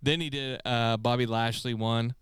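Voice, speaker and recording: A man's voice: mid-range voice, steady tone, normal speed, fairly bright tone, smooth, no room sound, studio quality. Swearing, rambling podcast co-host man. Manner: rambling storyteller, swears freely. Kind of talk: casual chat.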